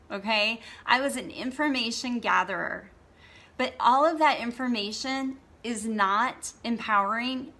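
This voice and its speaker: A woman's voice: on the high side, pushed and bright. A woman hosting a blogging course gives an earnest motivational talk to the camera and often adds "okay?" for emphasis. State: tearful, emotional.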